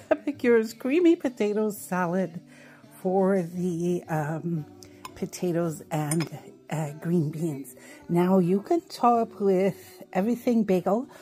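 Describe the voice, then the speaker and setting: Slow, mellow-voiced woman cooking host. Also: on the low side, breathy edge. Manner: chatty, unhurried, with frequent fillers and little laughs. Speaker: home cooking show host. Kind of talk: casual cooking demonstration.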